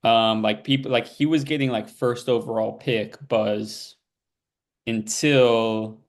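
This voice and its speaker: A man's voice: mid-range voice, steady tone, takes it slowly. A young man co-hosting a sibling podcast, chatting casually about his team and rambling through fillers. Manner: laid-back, rambling with fillers and restarts. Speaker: podcast co-host. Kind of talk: casual sports chat.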